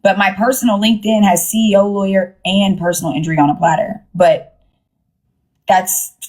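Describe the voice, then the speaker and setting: A woman's voice: medium pitch, fairly even intonation, normal speed, darkish tone. A woman hosting a casual livestream, talking bluntly and profanely and repeating her points. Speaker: livestream host.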